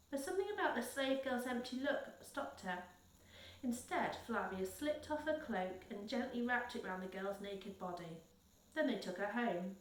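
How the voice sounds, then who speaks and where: A woman reading a children's novel aloud in a steady, careful way, correcting small slips as she goes. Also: mid-range voice. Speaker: reader. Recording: roomy, a little distant from the mic.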